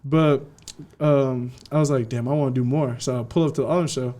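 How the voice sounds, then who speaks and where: A young man from California, a DJ guest telling his story in a casual interview, slangy and animated, acting out what people said. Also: medium pitch, brisk. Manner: slangy, animated, acts out quotes.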